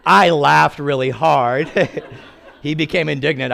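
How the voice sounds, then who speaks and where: A man's voice: fairly high pitch, slow, creaky, fairly bright tone. A man in his sixties preaching a sermon in a storytelling way, acting out quotes and laughing at his own stories.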